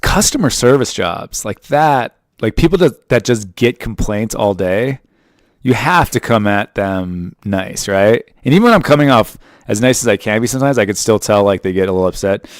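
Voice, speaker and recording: A man's voice: fairly low pitch, animated, normal speed, dry recording, clean studio sound. A man in his thirties hosting a podcast, telling a story in a rambling, jokey, profane monologue. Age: 30s. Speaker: podcast host. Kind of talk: casual monologue.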